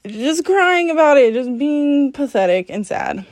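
A woman's voice: high-pitched, big pitch swings, unhurried, darkish tone. A woman hosting her own podcast, talking candidly and alone, swearing freely, mocking herself and laughing often. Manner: profane, self-deprecating, laughs often. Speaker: podcast host. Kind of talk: candid solo podcast monologue.

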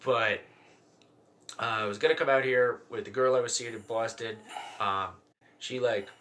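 A man, a comedian guest, telling stories on a casual podcast, animated and swearing, with a handheld mic held very close. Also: medium pitch, normal speed. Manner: animated, swearing, acts out quoted voices.

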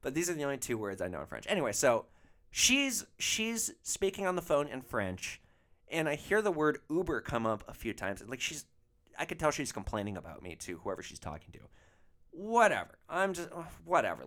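A man's voice: mid-range voice, a bit bright. A man who drove rideshare, hosting a podcast and telling a comic story in a profane, exasperated way. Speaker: rideshare driver, podcast host.

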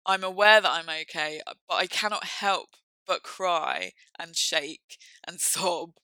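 Frank woman, bright dry voice. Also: lowish voice, no room sound, low-quality recording. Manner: reflective, frank, halting with fillers. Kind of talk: candid personal monologue.

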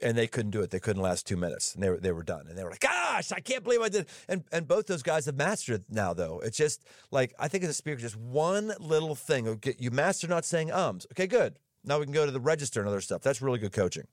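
Energetic joking man hosting a podcast. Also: medium pitch, fast talker, hardly any pauses, no echo, studio quality. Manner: energetic, jokey, laughs readily. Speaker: podcast host and pastor. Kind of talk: casual interview chat.

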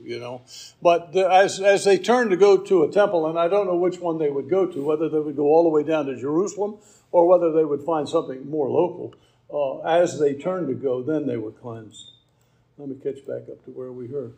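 A man's voice: a little high, normal speed, dark tone, low-quality recording. A man preaching a conversational sermon, reading verses and explaining them with casual asides. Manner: conversational Bible teaching with asides and fillers. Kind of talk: sermon teaching.

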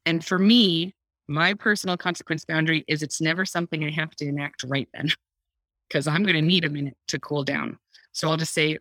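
A woman's voice: low voice, dry recording. A woman talking casually about parenting on a podcast, laughing often and acting out her own thoughts. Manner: animated, laughs often, acts out her own inner dialogue. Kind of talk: casual conversational podcast talk.

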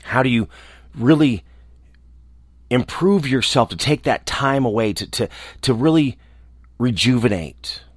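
A man who hosts a show, talking alone in a small room in a reflective, earnest way, often restarting and trailing off softly. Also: mid-range voice, lively intonation, husky, no echo, clean studio sound. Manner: earnest, halting, with restarts and soft trailing endings. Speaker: radio host. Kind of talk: reflective casual monologue.

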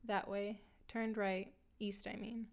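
A woman's voice: mid-range voice, flat delivery, slow pace, creaky. A woman voicing a spooked young man. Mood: uneasy. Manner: quiet, subdued, few words.

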